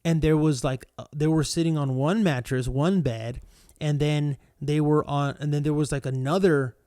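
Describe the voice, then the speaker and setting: A man's voice: on the high side, steady tone, moderate pace, mellow, clear, resonant tone, no room sound, studio quality. A man co-hosting a casual podcast, rambling with many fillers and frequent laughs. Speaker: podcast co-host. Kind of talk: casual chat.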